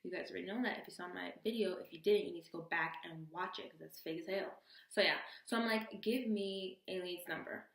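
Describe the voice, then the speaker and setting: A young woman vlogger recounts a wild story in a casual, slang-filled voice. She sets her lines low and throws in jokey asides. The room around her rings with a roomy echo. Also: fast talker, gravelly, fairly bright tone.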